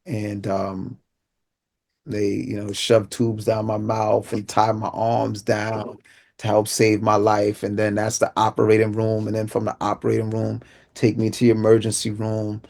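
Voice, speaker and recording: A man's voice: lowish voice, completely flat delivery, a little slow, gravelly, a little mellow. A man who is an inspirational speaker, telling his life story as a vivid testimony and acting out the dialogue. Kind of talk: personal testimony.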